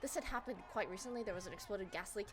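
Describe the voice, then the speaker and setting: A young adult woman giving a casual comic recap of a slideshow, rambling and profane, with lots of fillers and quick asides. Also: medium pitch. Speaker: presenter.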